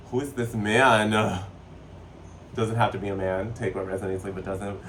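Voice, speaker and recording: A man giving a casual spiritual tarot reading, chatty and excitable, with a playful, sassy way of talking. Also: on the low side, normal speed, far from the mic, a little hiss or hum. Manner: playful, sassy, slips into joking accents. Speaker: tarot reader.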